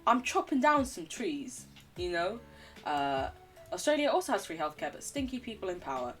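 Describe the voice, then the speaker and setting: A woman's voice: medium pitch, sing-song, normal speed, a bit bright, soft background music. A young woman with a standard English accent, chatting to her viewers in a giggly, teasing way while she plays a game. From England. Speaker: streamer. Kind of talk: casual live-stream chat while gaming.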